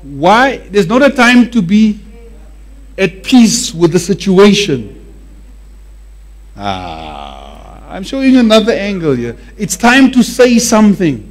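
Animated high-voiced male preacher. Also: slow pace. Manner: animated, emphatic, repeats words for effect. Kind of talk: sermon.

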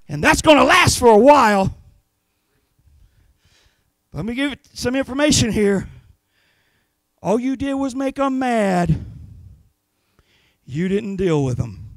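A man preaching a Pentecostal sermon in church, swinging from hushed asides to impassioned shouted peaks. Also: very high voice, expressive, normal speed, long pauses, dry recording. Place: church sanctuary.

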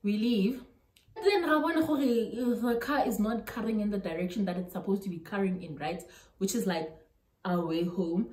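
A young South African woman with a South African accent tells a storytime vlog in animated style, mixing local-language words into her English. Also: medium pitch, normal speed. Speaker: YouTuber. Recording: roomy echo.

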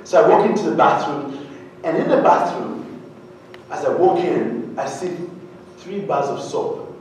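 A man from Uganda telling a humorous, animated story to an audience, often asking them questions. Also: fairly high pitch, normal speed, slight background noise. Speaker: speaker. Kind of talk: storytelling keynote talk. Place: large hall with an audience. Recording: very echoey hall, heard from a distance.

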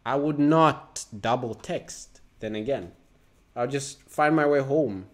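A man's voice: medium pitch, slow pace. A man hosting a reaction video, joking loosely and laughing as he comments.

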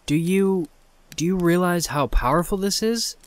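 A man's voice: a little high, big pitch swings, a little slow, voice pushed up. A man voicing a wary, amazed teenage girl who speaks hesitantly and stutters.

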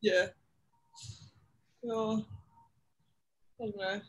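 A young adult woman with an Australian accent, chatting in a relaxed way during an interview over a video call. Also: mid-range voice, drawn-out words. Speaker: college basketball player. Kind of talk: casual interview chat.

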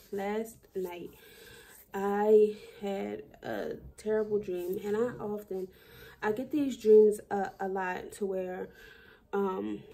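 A woman's voice: mid-range voice, dark tone. A woman talking through a personal daily video diary in a reflective, rambling way, with many fillers and restarts. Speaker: vlogger.

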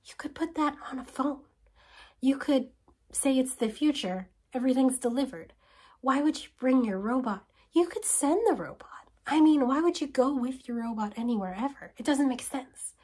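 A woman host talking to camera in a casual, animated and sarcastic way, firing off rhetorical questions and sometimes dropping to a whisper. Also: high voice, normal speed, husky. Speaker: video essayist host. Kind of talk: casual spoken commentary.

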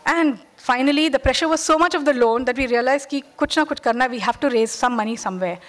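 A woman's voice: high voice, racing. A woman with an Indian English accent, an entrepreneur giving a workshop talk. She tells stories, acts out the voices of callers and customers, and checks in with her listeners with "right?" and "okay". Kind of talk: lively motivational talk with anecdotes.

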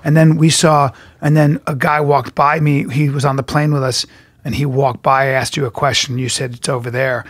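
Recorded cleanly and dry in a studio, this man speaks in a mid-range voice at normal speed. He co-hosts a podcast, spinning stories in relaxed conversation and lively acting out other people's quotes.

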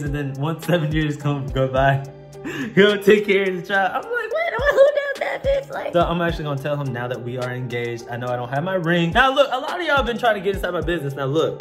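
Animated high-voiced man, echoey room. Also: far from the mic. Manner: animated, slangy, giggly, swings into high voices when quoting. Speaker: vlogger. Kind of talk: casual prank vlog chat. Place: home living room.

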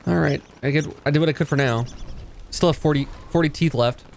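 A man's voice: on the high side, brisk, vocal fry, slight background noise. A man co-hosting a let's play, chatting casually with dry jokes. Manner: dry, joking. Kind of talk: casual gaming chat.

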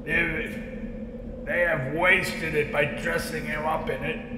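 A brazen old charwoman justifies her petty theft, as a man puts her on. She speaks slowly in a high voice, with blunt, gossiping defiance. The sound is roomy, with a long hall echo and steady noise behind it. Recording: echoey hall with background noise.

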